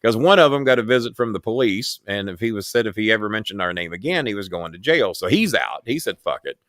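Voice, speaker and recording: A man's voice: on the low side, fast talker, no echo, studio quality. A man hosting a live show, telling blunt stories in a casual voice with lots of swearing. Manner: blunt, heavy swearing, animated retelling. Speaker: show host. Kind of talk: profane live-show storytelling.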